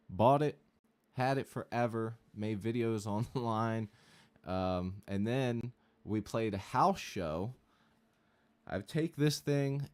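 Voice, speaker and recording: A guitarist and streamer casually telling a rambling, profane anecdote on a livestream, with lots of fillers. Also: male voice, on the low side, a little mellow.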